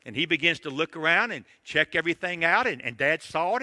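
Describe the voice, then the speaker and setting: A man's voice: fairly high pitch, expressive, brisk, few pauses, sharp tone, no echo, big-room sound. A man in his sixties preaching a sermon, emphatic and direct, laying out numbered points.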